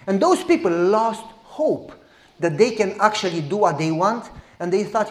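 A man, preaching as a pastor and telling a story in a lively, direct way. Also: high-pitched, normal speed, echoey room. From Romania. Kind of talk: sermon storytelling.

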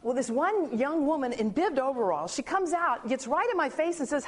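A woman sharing a personal testimony as an animated story, acting out quotes and often restarting her sentences. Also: high voice, moderate pace.

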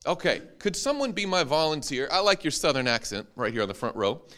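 A man's voice: a little high, sing-song, brisk, bright, forceful tone. A man, a preacher, teaching an interactive Bible class to a live audience, joking and quizzing them as he goes.

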